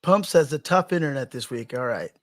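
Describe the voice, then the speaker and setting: A man's voice: mid-range voice, expressive, brisk. A man co-hosting a podcast in casual chat, loose and joking, often restarting his sentences. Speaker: podcast co-host.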